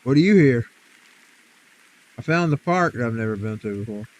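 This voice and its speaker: A man's voice: mid-range voice, expressive, normal speed, slight background noise. A man livestreaming games and chatting casually, teasing and talking back with mock defiance. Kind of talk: casual chat while gaming.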